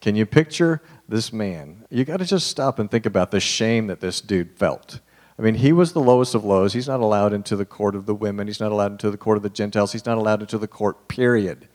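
Low-voiced man preaching casually. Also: a little fast. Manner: informal, addresses listeners directly, drops to a hushed voice for emphasis. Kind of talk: conversational sermon.

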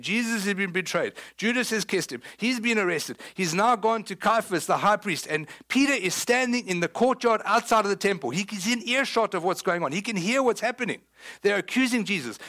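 A man with a South African accent preaching a sermon, retelling scripture in a lively, humorous way and acting out the quotes. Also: high voice. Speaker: pastor.

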